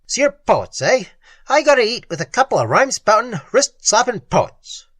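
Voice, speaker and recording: A narrator voicing Spike, a gruff, blustering male convict with a rough, sneering manner. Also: mid-range voice, very animated, moderate pace, a bit bright, no room sound, studio quality, pitched above the performer's own voice.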